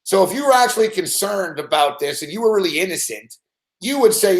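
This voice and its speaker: A man with a fairly high voice rants about a story, swearing freely and mimicking the people he quotes. His talk is loose and animated, like a late-night commentary host. The room around him rings with a noticeable echo. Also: a little fast. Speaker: sports betting show host. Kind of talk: ranting casual commentary.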